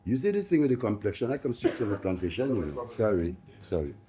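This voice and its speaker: A man, speaking up from the audience of a panel discussion, impassioned and halting, repeating words as he goes. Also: mid-range voice, sing-song, darkish tone, slight background noise. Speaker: live audience member.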